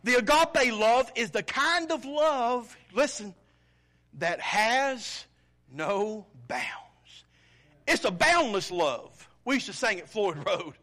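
Pastor, man, high ringing voice, emphatic sermon delivery. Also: animated, sharp tone. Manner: preaching with dramatic pauses and rising emphasis.

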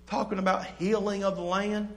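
A man's voice: high voice, little pitch movement, moderate pace, soft background music. A man preaching an evening sermon as pastor, repeating and restarting phrases as he builds emphasis, then leading a closing prayer.

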